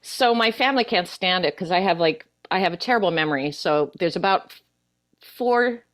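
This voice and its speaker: An older woman, an actress guest in a casual interview, chatting and telling a long joke in an animated way. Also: on the low side, normal speed.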